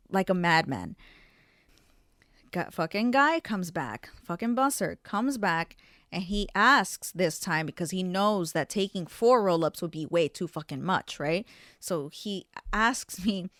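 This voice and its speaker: A young adult woman hosting a podcast, telling a story in a casual, profane way with sudden loud outbursts. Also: lowish voice, no room sound, studio quality. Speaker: podcast host.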